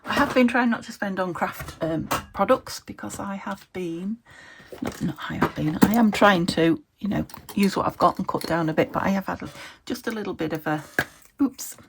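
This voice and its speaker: In a casual home crafting video, a woman from the UK talks to viewers at her desk, thinking aloud and hunting for words. She has a mid-range, creaky voice at normal speed, with background noise behind her.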